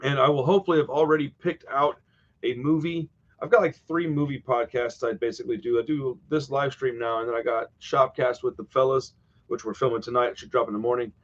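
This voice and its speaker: A man's voice: mid-range voice, steady tone, brisk, dull audio. A man hosting a horror live stream, chatting casually and wandering off topic from home. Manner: rambling, easily sidetracked, chatty.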